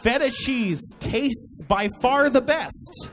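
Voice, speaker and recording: A drunk young man telling rambling, excitable anecdotes to a live podcast audience. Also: high voice, moderate pace, music in the background. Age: young adult. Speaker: show regular. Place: live stage before an audience.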